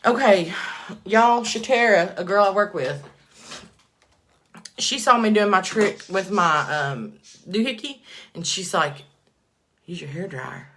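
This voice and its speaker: A woman chatting casually to viewers on a livestream while doing her makeup, excitable and prone to loud bursts of praise. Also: mid-range voice, unhurried, long pauses. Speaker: livestream host.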